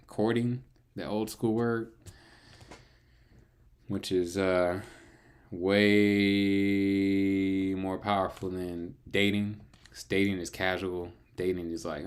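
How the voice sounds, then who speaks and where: A man reading through the Bible, breaking off into playful, chatty asides. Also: low-pitched. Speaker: Bible reader and narrator. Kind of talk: casual Bible reading with commentary.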